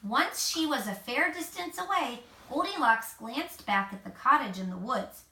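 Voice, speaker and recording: Bright, animated mom reading a storybook. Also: female voice, high voice, normal speed. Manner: expressive, gentle asides to the child. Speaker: mother reading to her child. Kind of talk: reading a picture book aloud. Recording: echoey room, mic at a distance.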